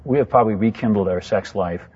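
Husky man in his fifties. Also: lowish voice, fast, darkish tone. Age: 50s. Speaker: married guest sharing testimony. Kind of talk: personal testimony. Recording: dull, muffled sound.

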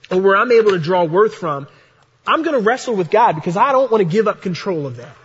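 A man's voice: high voice, a bit bright, husky, long reverb tail, dull audio. A man preaching a sermon in an earnest way, repeating his key phrases for emphasis. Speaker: pastor.

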